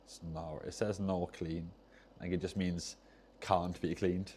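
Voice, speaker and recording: A man talks in a relaxed, meandering way at his workbench, often trailing off and restarting his thoughts. His voice sits very low and sounds soft and mellow. A faint hiss runs underneath. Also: measured pace. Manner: rambling, loses his train of thought, self-interrupting. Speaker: streamer repairing controllers. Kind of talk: casual livestream chat while soldering.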